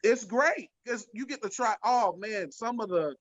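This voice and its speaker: A man from the American South trading comedic rants on a panel, animated and laughing, rising to shouts to make a point. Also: sits high, unhurried, no room sound, dull audio. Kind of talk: casual comedic banter.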